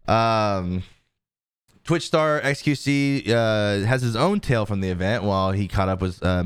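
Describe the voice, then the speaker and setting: A man's voice: on the low side, clear, resonant tone, dry recording. A man hosting a podcast, casually reading news articles aloud with frequent ums and restarts. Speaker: podcast host.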